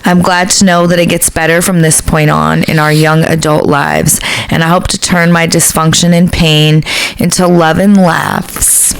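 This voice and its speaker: A woman with a low, gravelly voice co-hosts a podcast, chatting casually and bluntly and swearing freely. The sound is close and dry, with no room around it. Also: no echo, low-quality recording. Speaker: podcast co-host. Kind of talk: casual chat.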